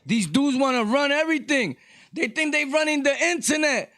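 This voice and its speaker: A middle-aged man with a New York accent, ranting casually to his viewers, loud one moment and low the next. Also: no room sound, studio quality. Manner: loud, shifting between shouting and low talk. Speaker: vlogger. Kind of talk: casual rant to camera.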